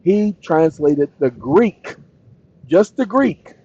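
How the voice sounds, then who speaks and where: A man's voice: on the high side, animated, warm tone, husky, no room sound. A dry, slightly muffled man talking casually. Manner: rambling, jokey, talks to his screen; slow, deliberate reading with dictated punctuation. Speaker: channel host. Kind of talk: casual solo talk, reading aloud from a screen.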